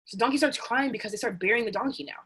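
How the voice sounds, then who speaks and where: Bright, husky woman telling a story. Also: on the high side, rapid-fire. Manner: casual, earnest, animated. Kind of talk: motivational storytelling.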